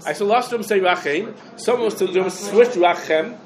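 A man's voice: high-pitched, steady tone, fairly quick, a little mellow, soft background music. A man teaching a Torah lesson on prayer wording, thinking aloud and mixing Hebrew and Yiddish terms into his English. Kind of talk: halachic lecture.

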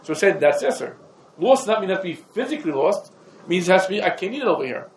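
A man teaching a lecture on religious law, in quick clipped phrases with repeated fillers like "come on" and "over here". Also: sits high, very animated. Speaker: Talmud teacher. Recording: echoey room with faint background noise.

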